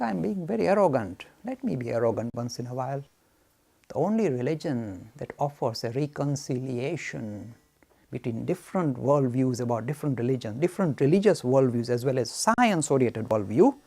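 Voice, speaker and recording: A man giving an emphatic, animated lecture that answers audience questions and is full of anecdotes. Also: medium pitch, creaky. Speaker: speaker on Hinduism.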